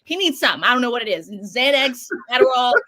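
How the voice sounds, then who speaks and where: A woman co-hosting, recapping a show in a casual, animated way, swearing and acting out lines. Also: fairly high pitch, fast. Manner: animated, swears a lot, acts out quotes. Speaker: show co-host recapping a series.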